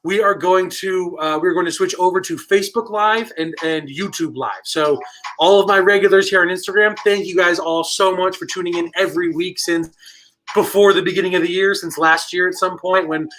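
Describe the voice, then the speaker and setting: A man's voice: high-pitched, steady tone, moderate pace, a bit bright, low-quality recording. A man hosting a live online trivia night, casually reading out viewer answers and joking with the chat. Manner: playful, jokey, reads out viewer answers. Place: store basement with stone walls.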